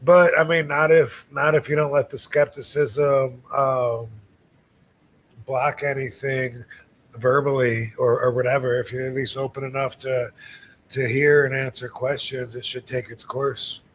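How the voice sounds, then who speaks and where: Rambling man with faint rumble. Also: level tone, a little slow, rough recording. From Michigan, United States. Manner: rambling storyteller with many fillers and restarts. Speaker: podcast host. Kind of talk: casual chat.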